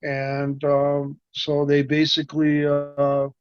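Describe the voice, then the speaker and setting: A man's voice: a little high, takes it slowly. A man being interviewed, rambling as he tells stories and acting out the voices of the people in them. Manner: rambling, animated, acts out quoted voices. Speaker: interview guest, martial arts actor. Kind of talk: casual storytelling. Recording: dry, muffled lo-fi sound.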